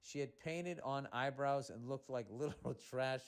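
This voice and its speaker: A man's voice: mid-range voice, normal speed, clean tone. A man hosting a comedy podcast, reading a listener's letter aloud and breaking in with sarcastic, profane asides.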